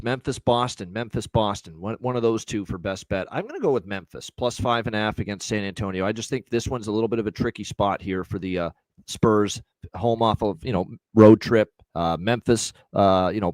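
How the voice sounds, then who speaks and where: A low-voiced man walks through his betting picks in an unhurried, rambling way, packing his talk with filler phrases. The sound is dry, with no room echo. He turns brash and profane when he hypes the audience. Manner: profane hype in sign-offs. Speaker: sports betting show co-host. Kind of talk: casual betting talk on a livestream.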